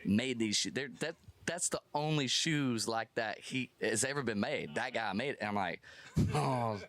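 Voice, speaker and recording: A man being interviewed at a music festival, telling a story in a lively, self-deprecating, animated way. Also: medium pitch, normal speed. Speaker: musician guest.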